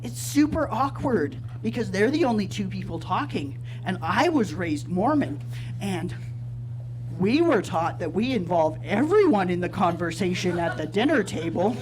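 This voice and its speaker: Deadpan standup guy, kinda high voice, self-mocking stories, faint hiss behind. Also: moderate pace. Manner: deadpan, self-deprecating storytelling. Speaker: stand-up comedian. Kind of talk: stand-up comedy set. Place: live comedy venue.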